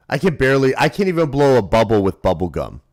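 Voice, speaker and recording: A male streamer in his thirties, talking off the cuff to his live chat. His pitch jumps all over the place, from booming shouts down to quiet muttering, and he is crude and teasing throughout. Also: very animated, normal speed. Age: 30s. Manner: rowdy, profane, teasing, swings between loud shouts and low mumbles.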